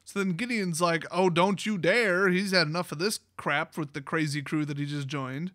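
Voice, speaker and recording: A man with a high voice recaps a fantasy tale in a sarcastic, mocking way, breaking into laughter often. The sound is close and dry, with no room around it. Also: steady tone, moderate pace, sharp tone, dry recording. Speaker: card game channel host.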